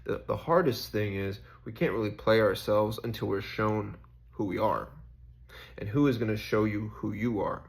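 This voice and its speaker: A man's voice: fairly low pitch, moderate pace, gravelly. A young man in a casual, reflective faith vlog, rambling and questioning himself with lots of fillers. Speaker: faith vlogger.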